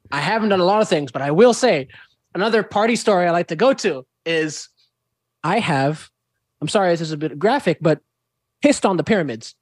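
A young man from Indonesia, a performing arts student, chatting as a podcast guest and telling lively stories with a playful streak. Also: high voice, moderate pace, pauses often, dry recording, studio quality. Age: young adult. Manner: enthusiastic storyteller, slips into playful character voices. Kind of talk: casual podcast interview.

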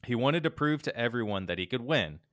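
A man co-hosting a podcast, telling a true-crime story in a laid-back, animated way with lots of fillers. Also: mid-range voice, fairly quick, dry recording, studio quality. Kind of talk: casual storytelling chat.

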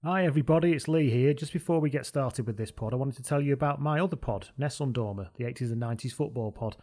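A man's voice: medium pitch, fast talker, darkish tone. A man hosting a rugby podcast in casual chat, jokey and rambling. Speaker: podcast host.

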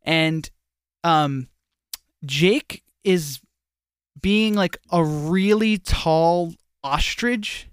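A young man chatting about a cartoon episode, animated and rambling, full of "like" and restarts. His voice sits somewhat high. The recording is dry and close, with no room sound. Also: very slow, clean tone, no room sound. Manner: animated, rambling, lots of fillers. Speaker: podcast co-host. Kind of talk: casual chat recapping a cartoon episode.

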